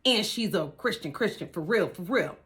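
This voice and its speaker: A woman vlogger telling a family story in an animated, chatty way, talking straight to her viewers. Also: lowish voice, moderate pace. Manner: lively, addresses viewers directly.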